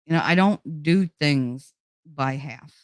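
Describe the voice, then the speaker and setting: A lower-voiced woman talks straight to her viewers, excitable and all in. She swears freely and laughs a lot. The sound is close and dry, with no room around it. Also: takes it slowly, dry recording. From New Jersey. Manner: excitable, blunt and profane, laughs often. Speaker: streamer. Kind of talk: casual chat with viewers.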